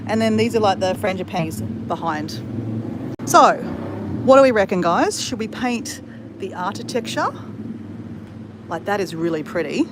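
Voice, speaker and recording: A woman's voice: mid-range voice, lively intonation, normal speed, pauses often, noisy background. A woman chatting casually to camera in a hotel room, rambling and calling her viewers guys. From Australia. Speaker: travel vlogger. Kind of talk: casual vlog chat to camera.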